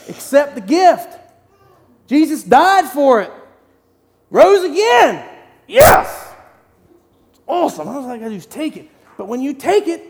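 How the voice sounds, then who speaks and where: A man giving an excited, conversational sermon in short punchy phrases as a lay preacher in a church. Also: very high voice. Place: church sanctuary. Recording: long hall reverb.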